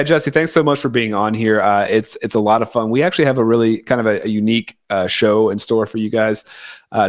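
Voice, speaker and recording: A man hosts a casual interview and introduces the topic with lots of "um" and "uh". He rushes through some phrases, and his voice sits fairly low. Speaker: podcast host.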